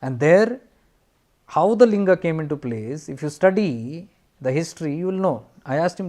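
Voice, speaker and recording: A man, a spiritual teacher telling a devotional story in an earnest, unhurried way with emphatic repetitions. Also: fairly high pitch, expressive, darkish tone.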